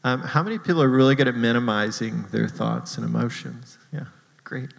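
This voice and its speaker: A man's voice: mid-range voice, brisk, gravelly, in a large hall, poor audio. Casual self-deprecating male pastor preaching. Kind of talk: sermon.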